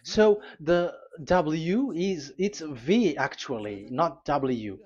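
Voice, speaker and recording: A man preaching a sermon, teaching at a board, pausing often with fillers and restarts and spelling out letters. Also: a little high, animated, highs cut off.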